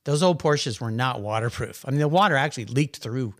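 A middle-aged man, a guest, chatting casually and telling animated, rambling anecdotes. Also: mid-range voice, fairly quick. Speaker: guest, car enthusiast. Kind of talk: casual conversational storytelling.

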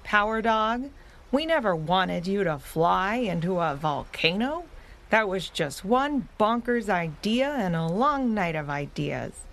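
A woman's voice: medium pitch, sing-song, slow, a bit bright, exaggerated voice. A woman doing a blunt old dog leader. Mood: firm. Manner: frank, scolding. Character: elder male dog leader, blunt and practical.

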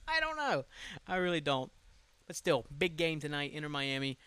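A man hosting his own podcast from home, chatting casually in a rambling, excitable way, swearing freely and sounding tired. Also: a little high, normal speed, clear, resonant tone. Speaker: podcast host. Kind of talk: casual solo podcast chat.

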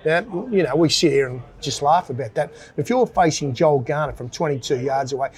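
A man's voice: on the high side, brisk. An older Australian man and former cricketer telling self-mocking stories in a casual interview. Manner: anecdotal, self-mocking, laughs at own stories.

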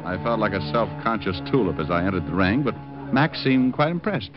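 A wisecracking private eye, played by a man, with a lively voice that swings up and down, full of dry, sarcastic quips. It comes through a dull, lo-fi old radio recording with music playing behind him. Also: fairly low pitch, fairly quick, natural voice. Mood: wry. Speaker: narrator and lead. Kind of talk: 1950s radio drama acting.

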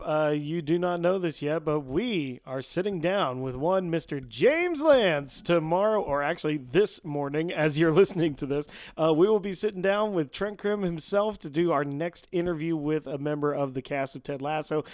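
Man, podcast co-host, casual chat, fairly high voice, dry sound, laughs a lot. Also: lively intonation, moderate pace, hardly any pauses, dry recording. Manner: upbeat, laughs often, says "man" and "guys".

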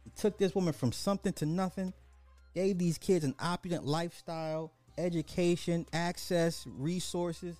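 Mocking, profane man with a higher voice. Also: moderate pace, no echo, soft background music. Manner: profane, mocking, animated storytelling with repeated phrases. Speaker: podcast host. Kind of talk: casual social commentary.

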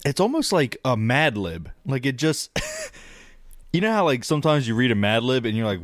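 A man's voice: mid-range voice, very animated, normal speed, no room sound, studio quality. A man co-hosting a podcast, talking bluntly and swearing freely. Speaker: podcast co-host. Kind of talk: casual chat.

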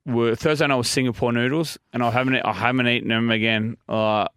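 A man's voice: mid-range voice, fairly even intonation, fairly quick, a bit bright, clear, resonant tone, no room sound, clean studio sound. A young Australian man chatting casually, rambling and joking with lots of fillers. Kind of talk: casual chat.

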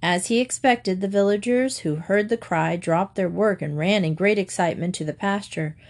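A woman narrating a storybook in a calm, clear reading voice. Her pitch sits at a middle level, steady and even throughout. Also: normal speed.

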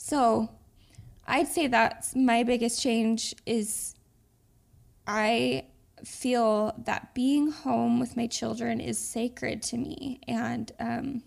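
A woman's voice: a little high, steady tone, very slow, vocal fry. A woman co-hosting a podcast, talking in an earnest, reflective, heartfelt way. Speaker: podcast co-host. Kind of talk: casual heartfelt chat.

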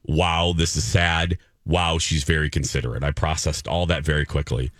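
A man's voice: extremely low pitch, normal speed, no echo, studio quality. A male radio host, telling anecdotes on a casual talk show and voicing the people in them. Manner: animated storyteller, voices others in his anecdotes.

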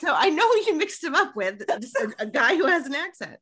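A woman's voice: high-pitched, fairly quick. A middle-aged woman co-hosting a podcast, animatedly recapping an episode and quoting its lines in casual chat. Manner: animated storytelling, quotes lines from the show. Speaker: podcast co-host.

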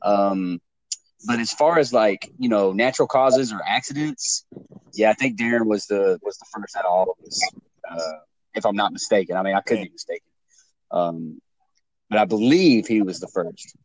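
A man's voice: lowish voice, normal speed, no room sound, poor audio. A man in casual chat, rambling and hedging as he talks, swearing offhand.

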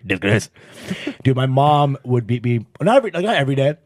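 A man's voice: medium pitch, lively intonation, fast talker, darkish tone, no room sound. A man co-hosting a podcast in crude, laughing comedic banter. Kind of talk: casual comedic chat.

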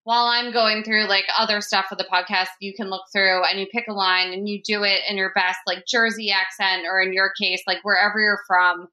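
A woman's voice: medium pitch, flat delivery, a little fast, few pauses, sharp tone. A young woman hosting a podcast, chatting casually with lots of "like" and laughter. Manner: chatty, heavy use of "like", frequent laughter. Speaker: podcast host.

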